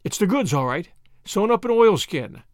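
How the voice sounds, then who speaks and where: A man's voice: high voice, very animated, moderate pace, no echo, clean studio sound. A man voicing a brash young man, drawling and confident. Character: brash young American man, eager and cocky.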